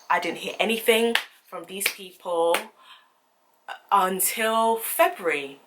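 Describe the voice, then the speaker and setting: A young woman telling a story in a vlog, animated and indignant as she recounts it. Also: medium pitch, slow, noisy background. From United Kingdom. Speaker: vlogger.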